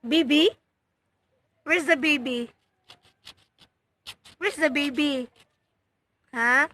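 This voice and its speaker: A woman's voice: high voice, very slow, sharp tone. A young Filipino woman, an early childhood educator, patiently teaching a toddler at home, repeating simple prompts. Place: home, just woken up.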